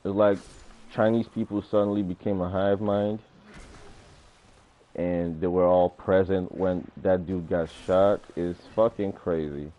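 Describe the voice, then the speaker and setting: A man's voice: sits low, unhurried. A man ranting casually and profanely on a gaming livestream, acting out arguments as he tells a story. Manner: profane, animated storytelling, acts out confrontations. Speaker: gaming streamer. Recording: tinny phone-like audio.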